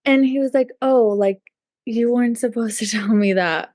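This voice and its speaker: A woman with a slightly high, darkish voice speaks at normal speed in a dry, studio-quality recording. Co-hosting a podcast, she retells a story in chatty fashion, full of "like" and "um," and acts out the quotes.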